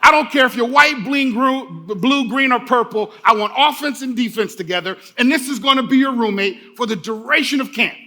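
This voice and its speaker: A man putting on a commanding football coach who shouts his orders in a high, ringing voice. The voice is forceful and bright. It pushes every line out at full volume. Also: moderate pace, few pauses. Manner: barking orders loudly. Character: gruff booming football coach, middle-aged man.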